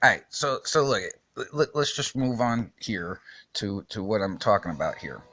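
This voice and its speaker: A man giving a casual Bible lesson while drawing, talking haltingly with many restarts and fillers and chuckling often. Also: on the low side, very animated, bright, forceful tone, no echo. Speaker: teacher.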